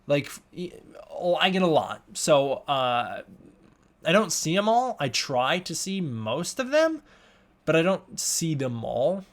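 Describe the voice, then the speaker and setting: On his live stream, a young man voices chat questions and responds in a relaxed way, regularly stumbling and beginning again. His voice is a little high and slow, with big swings in pitch.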